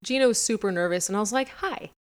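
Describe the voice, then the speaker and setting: A woman's voice: medium pitch, very fast, clear, resonant tone. A young adult woman co-hosting a casual fan chat, telling a long story in a rambling way with lots of fillers. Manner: rambling storyteller, heavy on fillers like "you know".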